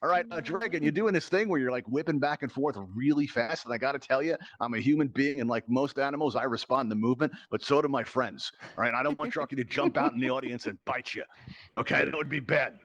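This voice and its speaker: A man's voice: medium pitch, fast talker, a bit bright, no echo, dull audio. A man hosting a playful virtual reality game show, chatty and jokey, rambling with asides and fillers.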